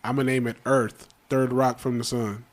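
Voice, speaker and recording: A man's voice: medium pitch, level tone, normal speed. A man, a comedian and podcast co-host, talking in loose, profane street slang with emphatic banter.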